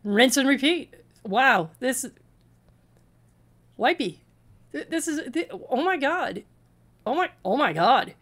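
A woman's voice: high voice, expressive, slow, pauses often, fairly bright tone. A woman hosting a reaction commentary, exasperated and stammering as she talks back at a clip. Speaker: commentary channel host.

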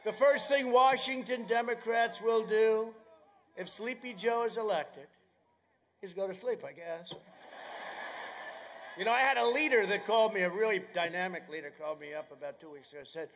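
A man giving a political rally speech outdoors at an airfield. He rambles, drifts into sarcastic asides, and bursts into shouting. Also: high voice, moderate pace. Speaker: campaign speaker.

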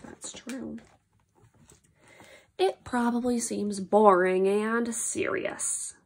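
A woman's voice: on the high side, steady tone, extremely slow, slight background noise. A woman reading a picture-free book aloud to children as a lesson, reacting with playful, exaggerated surprise to the silly words.

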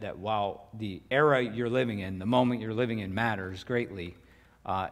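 Folksy middle-aged pastor in a hall. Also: male voice, lowish voice. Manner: conversational and folksy, asides and repeated words. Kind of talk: sermon. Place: church sanctuary. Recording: reverberant church hall.

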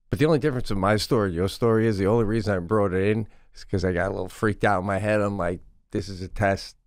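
A man in his forties co-hosting a podcast, chatting casually in an animated, profane way with rapid asides. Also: mid-range voice, no room sound, clean studio sound. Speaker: podcast co-host. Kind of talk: casual chat.

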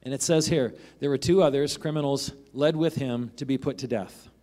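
A man's voice: medium pitch, moderate pace, dark tone. Conversational male pastor preaching a sermon. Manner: conversational, asks "right?" often, acts out quoted voices.

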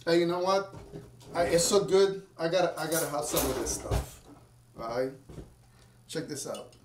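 A man's voice: a little high, expressive, normal speed, background noise. A man chatting casually to viewers at home while making a drink, rambling as he goes. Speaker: home cocktail maker. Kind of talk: casual cooking vlog. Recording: roomy sound, from far off the mic.

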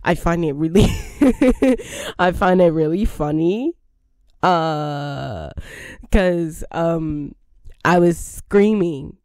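A woman talking to her viewers as a gaming creator, slow and unhurried, with a rather low voice. She rambles and repeats herself with a giggly edge, and the sound is close and dry. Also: expressive, darkish tone, no room sound. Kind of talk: casual chat to viewers.

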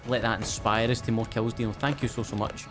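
A man's voice: fairly low pitch, fairly even intonation, fast talker, over music. A young man hosting a casual gameplay livestream, chatty, swearing freely and thanking viewers. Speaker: streamer and host.

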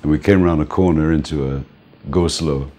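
An older man with a very low, deep voice tells stories in an interview. He is animated and laughs easily. He slips into the voices of the people in his tales. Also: normal speed. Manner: animated storyteller, laughs often, acts out the people he quotes. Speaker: music manager interviewed. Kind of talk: anecdotal interview storytelling.

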